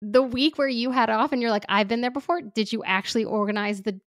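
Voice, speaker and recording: A woman's voice: fairly high pitch, fast talker, no room sound. Chatty woman parenting expert, dry close mic. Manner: animated, chatty, many fillers. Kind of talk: casual podcast conversation.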